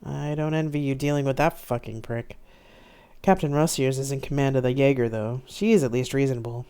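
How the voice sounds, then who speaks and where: A gruff male starship captain, as an author reading aloud puts him on, profane and wry. The tone stays mellow and low-key, even when he curses about politicians. It sounds like an ordinary officer talking, not a big character voice. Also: brisk, natural voice. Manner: swearing, wry.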